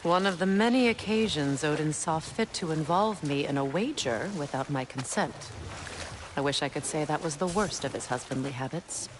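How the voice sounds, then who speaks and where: An actress playing a proud, bitter goddess queen and mother who talks in a dry, sardonic, measured way, in a video game cutscene. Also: deep voice, lively intonation. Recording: game audio with clear ambient noise.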